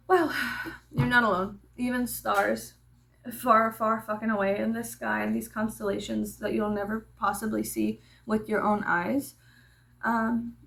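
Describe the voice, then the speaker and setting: A woman vlogger chatting casually, telling an animated, profane story with laughing asides. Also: fairly high pitch, gravelly.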